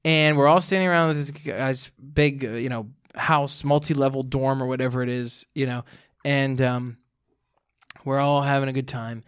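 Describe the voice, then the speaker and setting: A man's voice: mid-range voice, steady tone, normal speed, clear, resonant tone. A man chatting as a podcast guest, animatedly telling stories and acting out his friends' lines. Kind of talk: casual storytelling chat.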